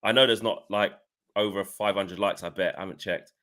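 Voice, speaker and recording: A man's voice: fairly low pitch, steady tone, a little fast, fairly bright tone. A man giving laid-back, slangy football opinions as a co-host. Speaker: co-host pundit. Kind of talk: casual football chat.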